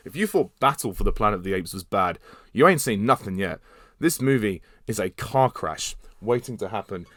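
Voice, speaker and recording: Young man, podcast host, exasperated sweary rant, mid-pitched voice, dry close recording. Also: no echo. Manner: exasperated, sweary, animated rant with bursts of laughter. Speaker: podcast host, film reviewer. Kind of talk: ranting film review.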